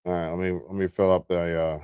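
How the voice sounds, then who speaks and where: A man's voice: sits low, flat delivery, fairly quick, dark tone, clean tone, no echo. A man hosting a livestream in casual chat, laid-back and talking through what he is doing. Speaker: livestream host.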